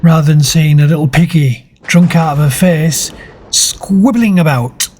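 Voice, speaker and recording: A man's voice: a little high, a little mellow, a little hiss or hum. A man doing mocking, sarcastic commentary over video clips. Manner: mocking, sarcastic, drawn-out delivery. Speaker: commentary channel host.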